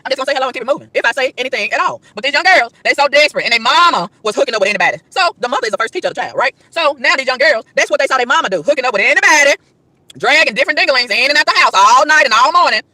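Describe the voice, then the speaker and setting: A woman preaching hard in a high, bright voice, her pitch leaping all over as she rattles through rhetorical questions at breakneck speed. She repeats and stumbles over words in her hurry, recorded outside with a dry, close sound. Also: animated, very fast, dry recording. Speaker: vlogger. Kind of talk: preachy street rant to camera. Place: outdoors in a park.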